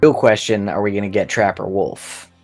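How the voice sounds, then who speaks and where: A tired man late at night in a casual chat, speaking in a reflective, measured way. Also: lowish voice, darkish tone, soft background music. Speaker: podcast guest.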